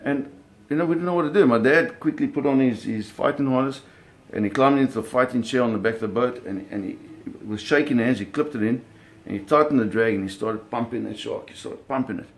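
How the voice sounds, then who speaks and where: A man telling a personal story in an animated, vivid way, often restarting his phrases. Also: medium pitch, a little fast, hardly any pauses.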